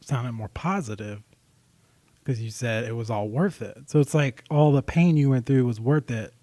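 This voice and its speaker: A man's voice: mid-range voice, moderate pace, warm tone, no echo. A man co-hosting a casual podcast, teasing his friend and offering offhand readings of song lyrics. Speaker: podcast co-host.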